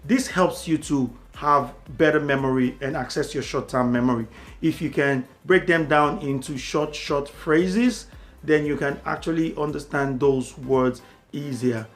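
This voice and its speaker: A man's voice: a little high, a little slow, faint music behind. A man tutoring for a language exam, explaining steadily and repeating key words for emphasis. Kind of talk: instructional talk to camera.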